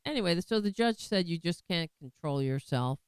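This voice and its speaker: A woman's voice: lowish voice, animated, normal speed, smooth, no room sound. An American woman hosting a political commentary vlog, talking in a sarcastic, mocking and rambling way. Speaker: host.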